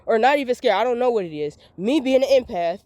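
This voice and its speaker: High-pitched woman venting in a rambling voice memo. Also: animated, fast talker, a little mellow, no echo. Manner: rambling, repetitive, emphatic. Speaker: vlogger.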